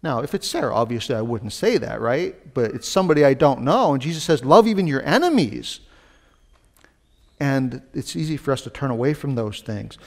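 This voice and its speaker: A man's voice: medium pitch, lively intonation, a little fast, few pauses, a little mellow. A man pastor preaching a sermon in a conversational way, with casual asides and rising emphasis on his key points.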